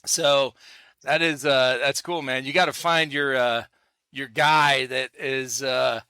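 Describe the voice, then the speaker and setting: A man's voice: medium pitch, fairly even intonation, slow, bright, forceful tone, smooth, dry recording. A man hosting a casual podcast chat, hyped up and swearing freely, laughing often. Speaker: podcast host.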